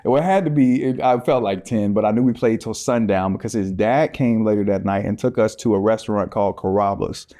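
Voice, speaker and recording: Deep mellow-voiced man telling a story. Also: fairly quick, hardly any pauses. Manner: animated, acts out quoted voices, laughs often. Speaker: podcast co-host. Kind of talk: casual storytelling.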